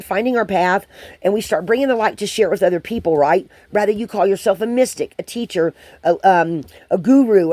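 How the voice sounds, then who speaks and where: A woman gives a channeled spiritual card reading to her viewers, hesitating and rambling with many pauses and restarts. Her voice is medium in pitch and warm in tone.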